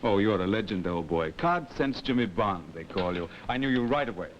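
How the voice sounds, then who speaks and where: A man's voice: on the low side, animated, brisk, close to an everyday voice. Jovial clubby gambler, played by a man, 1950s TV drama, muffled old audio. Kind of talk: 1950s live television drama. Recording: dull lo-fi old TV audio, light hiss.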